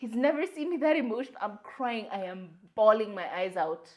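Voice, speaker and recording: A young adult woman co-hosting a podcast tells a story in casual chat, animatedly acting out what people said and slipping into Swahili. Her voice is a little high, brisk, with few pauses.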